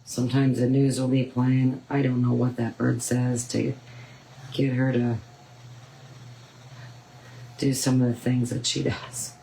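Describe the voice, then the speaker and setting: A woman's voice: a bass voice, flat delivery, unhurried, gravelly, long pauses, dark tone, slight background noise, poor audio. A woman hosting a painting tutorial, chatting casually and rambling with frequent ums. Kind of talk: casual chat while painting.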